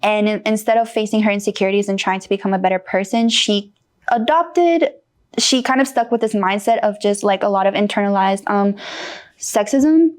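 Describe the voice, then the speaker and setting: Woman guest, late 20s, from North Carolina; candid, animated storyteller, fillers throughout. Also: medium pitch, moderate pace. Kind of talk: candid personal interview.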